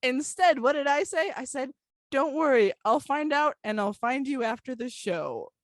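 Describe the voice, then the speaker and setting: A woman's voice: high-pitched, lively intonation, normal speed, dry recording, studio quality. A young woman co-hosting a podcast, telling a story animatedly, acting out the dialogue and laughing often. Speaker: podcast co-host. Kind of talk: casual storytelling chat.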